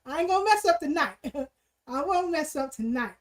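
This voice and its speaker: High-voiced energetic woman host. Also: normal speed, a little hiss or hum. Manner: energetic, repeats greetings in threes. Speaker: livestream host. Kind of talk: casual livestream shout-outs and chat.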